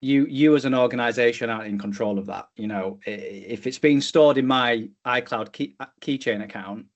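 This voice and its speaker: Man, podcast co-host, casual tech chat, ums and restarts, mid-pitched voice. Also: moderate pace, muffled recording. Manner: explains carefully with many fillers and restarts.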